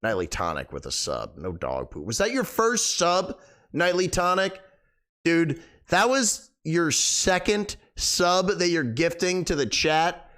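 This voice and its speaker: Guy streaming a game, lively up and down voice, rambly, keeps thanking chat. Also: on the high side, slow pace. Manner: rambling, animated, thanking viewers. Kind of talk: casual live-stream chat.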